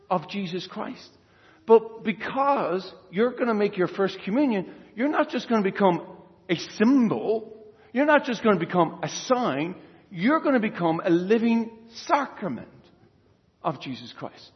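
A man preaching as a priest in a homily to children at their First Communion, lively and conversational, quizzing them with questions. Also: sits high. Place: church. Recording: dull, reverberant church sound.

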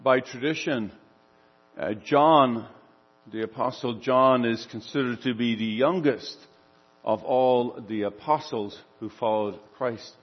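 A man's voice: mid-range voice, unhurried, in a large hall, lo-fi sound. An older man preaching a sermon as a pastor, telling the story in a conversational way and acting out the dialogue.

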